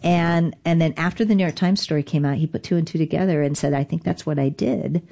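A woman's voice: deep voice, fast talker, vocal fry, dark tone. A woman guest in an interview, candidly recounting events in a wry, conversational way. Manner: candid, wry, self-deprecating. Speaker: interview guest, digital rights advocate. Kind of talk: conversational storytelling.

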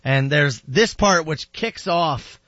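A man's voice: a little high, slow pace, a bit bright, no room sound, lo-fi sound. Easygoing male radio host. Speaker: radio morning show host. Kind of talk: casual radio chat.

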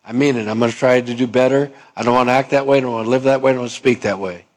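A man's voice: mid-range voice, steady tone, rapid-fire, lightly acted, poor audio. A man voicing a contrite man who humbly and earnestly asks for forgiveness. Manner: soft, earnest pleading.

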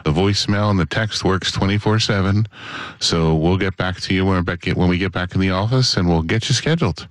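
A man hosting a radio call-in show, quickly giving contact details before returning to a caller. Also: deep voice, dry recording. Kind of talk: radio announcement.

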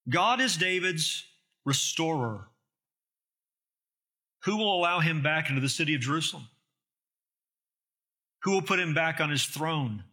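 Sharp-voiced man preaching a sermon. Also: on the high side. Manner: emphatic preaching with rhetorical questions. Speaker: pastor.

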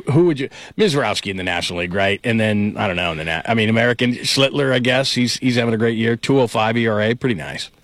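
A man's voice: medium pitch, dry recording. A laid-back man hosting a sports chat, working down lists of names at an easy pace and teasing his partner now and then. His voice sits in a middle register and sounds dry and close. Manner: relaxed, runs down lists and teases his co-host. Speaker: host. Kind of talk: casual sports talk.

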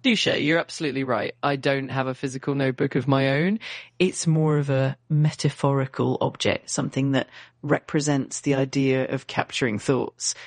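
A text-to-speech woman's voice with an English accent and a bright, clear tone, answering in an agreeable, polished way. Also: extremely low pitch, fairly even intonation, dry recording, clean studio sound. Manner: agreeable, polished, evenly measured. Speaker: AI voice assistant. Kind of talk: conversational chat.

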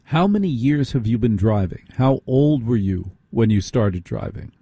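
A man's voice: mid-range voice, animated, normal speed, mellow, breathy edge, dry recording. A man hosting a late-night radio talk show, speaking conversationally and putting rhetorical questions straight to his listeners. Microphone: studio microphone.

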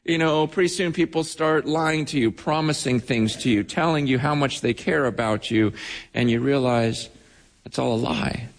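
A man's voice: mid-range voice, normal speed, in a large hall. A man preaching a sermon with passion, often repeating his words and acting out the voices of people he quotes. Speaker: pastor.

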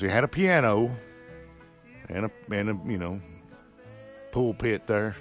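A man hosting a small-town radio show speaks in a fairly low voice, drifting into folksy, rambling talk with plenty of fillers and restarts. Faint music plays softly beneath him on the broadcast. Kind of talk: casual local radio chat. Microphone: studio microphone.

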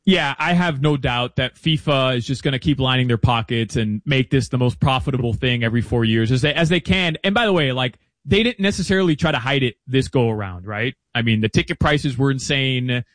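A man chatting as a guest analyst about soccer betting, chatty and animated with quick asides. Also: medium pitch, dry recording. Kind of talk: casual interview chat.

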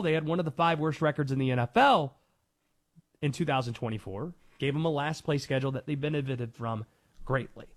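A man hosting a sports talk radio show, speaking in emphatic, punchy short phrases. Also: fairly high pitch.

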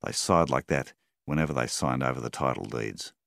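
A man narrating a story in a measured, steady reading style. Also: a bass voice, creaky, no echo. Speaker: audiobook narrator. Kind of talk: scripted narration.

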